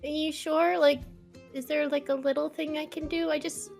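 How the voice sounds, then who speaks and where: Shy flustered young woman, halting and soft, high voice, put on by a woman. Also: level tone, vocal fry, faint music behind. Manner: stammering, soft and hesitant.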